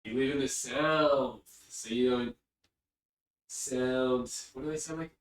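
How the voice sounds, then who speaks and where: A man from England speaks slowly at medium pitch with a steady tone, chatting casually on his live stream. He tends to ramble and get distracted, often drifting away from the desk microphone, which gives the audio a distant, echoey room sound.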